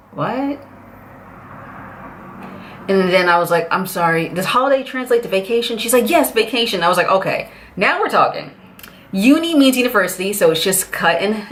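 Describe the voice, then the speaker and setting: A young woman from the United States, chatting casually to camera with lively, chatty talk that keeps slipping into quoted voices. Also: medium pitch. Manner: chatty, animated, jumps into voices. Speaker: vlogger.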